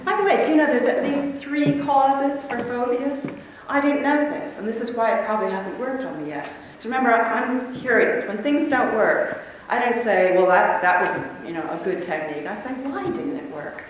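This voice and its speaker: A woman speaking at a convention, telling a lively personal story to a live audience with frequent laughter. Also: fairly high pitch, moderate pace, few pauses, slight background noise. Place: large conference hall. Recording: echoey hall, speaker far from mic.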